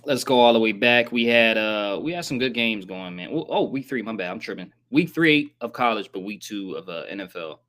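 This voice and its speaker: A man hosting a casual live sports recap, rambling in slangy, profane talk and saying he sounds flat and let down. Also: lowish voice, fairly quick, few pauses. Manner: says he sounds monotone and disappointed. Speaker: sports channel host.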